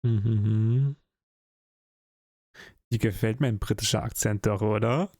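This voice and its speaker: A man's voice: fairly low pitch, fairly even intonation, slow, warm tone, no room sound, clean studio sound. Sarcastic male gaming commentator. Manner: sarcastic and joking. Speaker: let's-play host.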